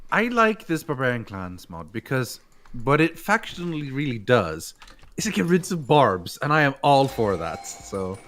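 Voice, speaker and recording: A man's voice: medium pitch, big pitch swings, normal speed, a bit bright. A man on a voice call during a game, making goofy rhymes and mocking his own jokes. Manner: goofy wordplay, self-mocking. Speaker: player on voice call. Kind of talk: casual gaming banter.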